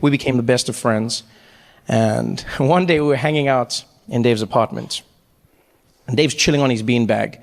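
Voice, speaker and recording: A middle-aged man with a South African accent doing animated, self-mocking stand-up storytelling. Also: medium pitch, moderate pace, creaky, in a large hall. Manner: animated, self-mocking, rising to near shouts. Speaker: stand-up comedian.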